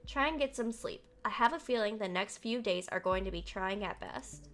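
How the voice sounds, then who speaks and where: A woman at medium pitch and normal speed livestreams a game, voicing its text and chattering energetically in response to the plot.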